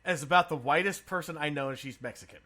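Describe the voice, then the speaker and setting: Man, podcast host, from San Diego, bright forceful voice, casual chat, swears and laughs a lot. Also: on the high side, fast talker. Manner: swears freely and laughs often.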